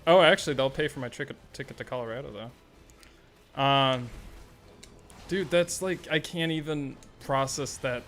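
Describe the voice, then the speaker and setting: A young man chatting casually on a live gaming stream, excitable and rambling, swearing freely. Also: a little high, slow, long pauses, soft background music.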